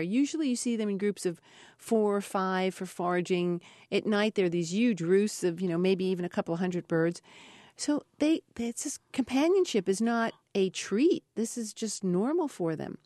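A woman researcher being interviewed, telling lively anecdotes and acting out the voices in them. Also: mid-range voice, normal speed, dry recording, clean studio sound. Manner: animated storyteller, acts out voices in anecdotes. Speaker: parrot researcher guest. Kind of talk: interview storytelling.

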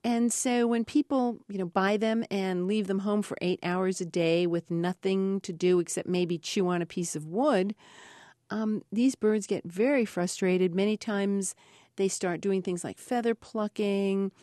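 A woman researcher being interviewed, telling lively anecdotes and acting out the voices in them. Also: medium pitch, unhurried, no room sound, clean studio sound. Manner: animated storyteller, acts out voices in anecdotes. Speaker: parrot researcher guest. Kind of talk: interview storytelling.

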